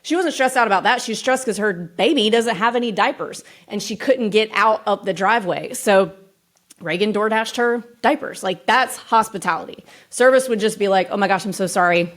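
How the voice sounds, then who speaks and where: A woman's voice: medium pitch, moderate pace. A woman speaking as an interview guest, telling stories in a chatty way with plenty of filler words. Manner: chatty storytelling with frequent "like" fillers. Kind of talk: casual chat.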